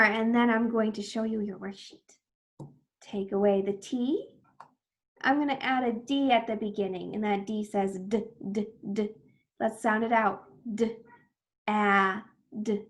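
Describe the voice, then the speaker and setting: Brief: young woman teacher, higher voice, unhurried, stretches out letter sounds for small kids, breaks into big excited praise. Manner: slow, exaggerated phonics sounds with bursts of excited praise. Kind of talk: early reading lesson for children.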